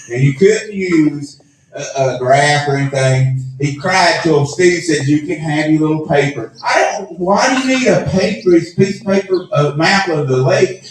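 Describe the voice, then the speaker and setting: A man's voice: fairly high pitch, a little hiss or hum. A man hosting an awards show, telling a long self-mocking story and acting out the dialogue. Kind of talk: live storytelling to an audience. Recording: echoey room, mic at a distance.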